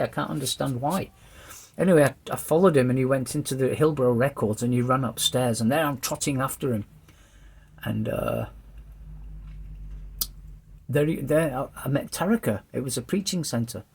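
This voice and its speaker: Middle-aged english guy, husky voice, rambly animated storytelling, does little voices for people. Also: mid-range voice, normal speed. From England. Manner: lively, rambling storyteller who acts out the voices in his story. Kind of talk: personal testimony storytelling.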